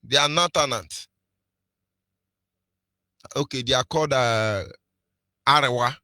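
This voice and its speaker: A man's voice: medium pitch, takes it slowly, sharp tone, no room sound. A man with a Nigerian accent giving impassioned political radio commentary, preachy, firing off rhetorical questions and sing-song emphasis. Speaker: radio presenter.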